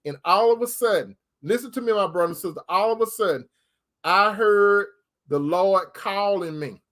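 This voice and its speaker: A man's voice: high voice, normal speed, a bit bright. A man preaching informally to online viewers, folksy and repetitive, speaking straight to his listeners. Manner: folksy, repeats phrases for emphasis, addresses listeners directly.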